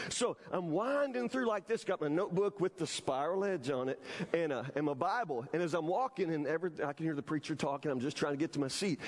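A man preaching, his voice sitting high for a man. He tells a story, repeats himself for emphasis and keeps asking the congregation "you understand?". The sound rings on in a large hall. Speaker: pastor. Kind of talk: sermon with personal story. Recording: long hall reverb.

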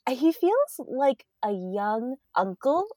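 A woman's voice: high-pitched, very animated, slow, darkish tone. A woman in her twenties, a podcast guest chatting casually, laughing often and filling her talk with "like". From United States. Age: 20s. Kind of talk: casual chat.

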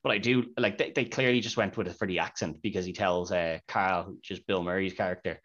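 A man's voice: low voice, fairly even intonation, fast, few pauses, a bit bright. A man hosting a podcast, chatting casually about a film and retelling scenes with quoted lines. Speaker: podcast host. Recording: dull lo-fi podcast audio.

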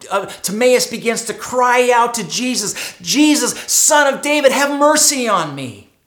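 A pastor preaches a dramatic sermon, rising to loud emphatic peaks and dropping to hushed stretches. Words and phrases come back again and again for weight. The voice sits mid-pitch and rings in a roomy, echoey hall. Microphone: streamed service mic.

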